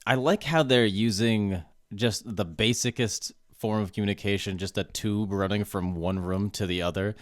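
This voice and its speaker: A man's voice: fairly low pitch, steady tone, normal speed, few pauses, dry recording, clean studio sound. A male podcast co-host in casual chat, joking, swearing and mimicking characters.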